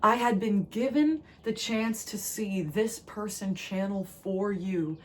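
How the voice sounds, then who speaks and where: Jersey woman doing a tarot channel msg, earnest and rambly, faint hiss behind. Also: mid-range voice. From New Jersey. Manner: earnest, rambling, emotional delivery in quick bursts. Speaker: tarot reader. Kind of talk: spiritual channeled message.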